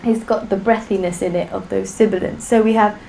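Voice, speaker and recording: A woman's voice: mid-range voice, steady tone, brisk, creaky, background noise. A woman teaching a live online language class, drilling sounds patiently for students to repeat. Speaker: Sanskrit teacher.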